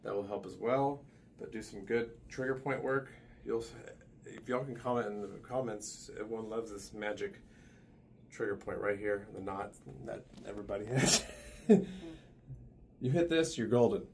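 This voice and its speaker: A man's voice: lowish voice, fairly even intonation, moderate pace, gravelly, a little hiss or hum. A man working as a massage therapist, giving a casual hands-on demonstration with loose, chatty asides in a massage room. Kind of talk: hands-on instructional demo.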